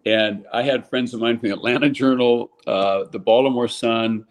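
An older man from California, a former baseball player, telling lively stories in a casual interview and acting out the quotes. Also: normal speed. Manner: animated storyteller, acts out quotes with raised pitch.

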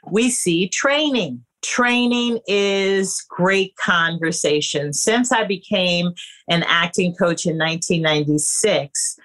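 Casting note: lower-voiced woman, casting director type, emphatic podcast talk to actors. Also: fairly bright tone. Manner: emphatic, conversational, addresses listeners as you guys. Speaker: acting coach and casting director.

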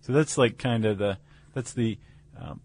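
A man's voice: fairly low pitch, a little slow, darkish tone. A man co-hosting a podcast, explaining science in casual chat with fillers and restarts. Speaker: podcast co-host.

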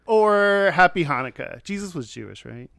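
A man's voice: high voice, expressive, moderate pace, vocal fry, fairly bright tone, no echo. A young adult man co-hosting a podcast, playful and giggly, asking the guest questions. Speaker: podcast co-host. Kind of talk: casual chat.

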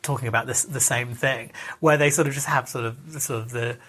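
A man's voice: mid-range voice, fairly even intonation, brisk, a bit bright, breathy edge. Hesitant man, many restarts. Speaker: podcast guest. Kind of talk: casual conversation.

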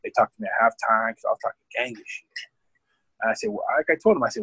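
A man telling a rambling, profane story about coaching high school football, speaking in a casual podcast chat. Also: fast talker, sharp tone, slightly rough, no echo, rough recording. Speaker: podcast guest.

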